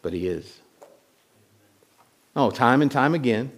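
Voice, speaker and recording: A man preaching a sermon in a conversational way, often repeating words and swinging from loud lines to hushed ones. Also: mid-range voice, animated, slow pace. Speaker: pastor.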